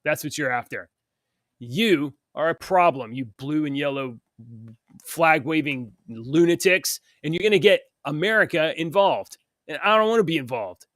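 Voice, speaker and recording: A man on a morning talk show reads headlines aloud, then breaks into a scornful, heated rant. His voice sits fairly high for a man. The sound is close and dry, with no room echo. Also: animated, normal speed, a bit bright. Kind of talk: opinionated political rant.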